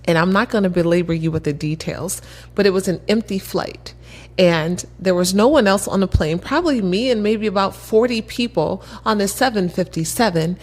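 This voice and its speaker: A woman from Baltimore, a guest entrepreneur, telling a story in an animated way and laughing as she acts out the dialogue. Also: medium pitch, normal speed. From Baltimore, USA. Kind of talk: casual storytelling.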